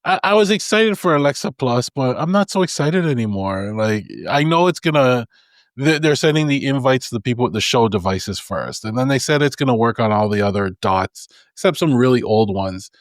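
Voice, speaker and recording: A man co-hosting a tech podcast in casual chat, ranting in an animated, exasperated way. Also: medium pitch, brisk, dry recording. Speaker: podcast co-host.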